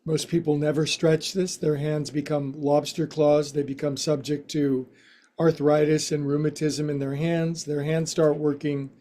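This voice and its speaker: Male yoga instructor, warm mellow tone, slightly higher voice, joking folksy delivery. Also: little pitch movement. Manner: playful, folksy quips between slow cues. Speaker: yoga teacher. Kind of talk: guided yoga class instruction.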